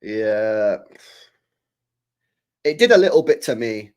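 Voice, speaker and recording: A man's voice: on the low side, sing-song, slow, a little mellow, clear, resonant tone. A young man talking casually on a live stream as a football fan, passionate, swearing and repeating his points.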